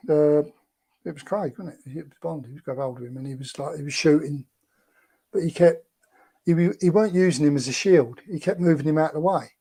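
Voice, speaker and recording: Chatty man with a mellow voice. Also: on the high side, fairly quick, slightly rough. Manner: chatty and rambling, with many fillers. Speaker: guest, former film extra. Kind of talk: casual anecdote telling.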